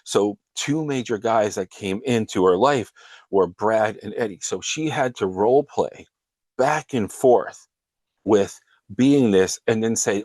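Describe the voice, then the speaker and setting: Man, show host, low voice, dry close sound, earnest storytelling, recounting a client's story. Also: unhurried, darkish tone, dry recording. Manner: earnest storytelling, frequently breaking into quoted dialogue.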